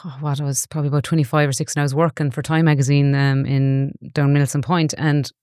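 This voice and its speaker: Fast-talking Galway Irish woman. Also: low voice, little pitch movement, darkish tone, clear, resonant tone, dry recording, clean studio sound. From Ireland. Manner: chatty storyteller, earnest. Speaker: guest, online safety educator. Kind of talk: casual interview chat.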